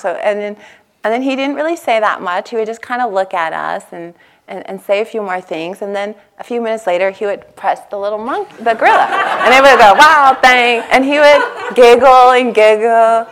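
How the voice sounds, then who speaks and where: A woman's voice: medium pitch, expressive, a little fast, slight background noise. A woman meditation teacher giving a dharma talk to a retreat audience. She tells stories in a casual, chatty way, full of "like" and "you know", and acts out her own past thoughts with laughter. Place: meditation hall before a live audience.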